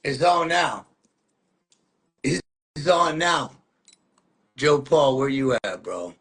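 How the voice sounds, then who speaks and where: A man hosting a podcast, chatting in an excited, slangy way over a video call. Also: mid-range voice, slow, husky. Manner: excited, slangy, calls guest bro. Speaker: podcast host. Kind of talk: casual chat.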